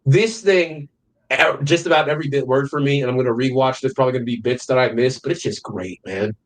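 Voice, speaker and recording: A young man co-hosting a film podcast, animated and profane, excitedly retelling scenes in casual chat. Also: medium pitch, fast talker, low-quality recording. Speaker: podcast co-host.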